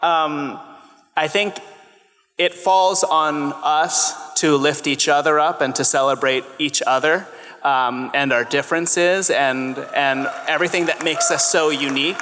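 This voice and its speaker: On a convention panel, a man in his thirties who hosts children's TV speaks in quick bursts, sincere and thankful in a casual way. His voice is a little high, steady in tone, pushed and bright. The large hall adds long reverb to the recording.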